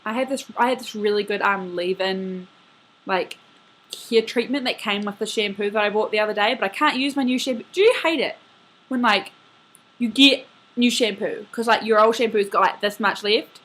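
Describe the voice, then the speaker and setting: A woman's voice: mid-range voice, normal speed, fairly bright tone. An eighteen-year-old woman talking to her best friend in a casual video message from her bedroom, rambling and filling her talk with "like" and "um". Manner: chatty, rambling, full of "like" and "um".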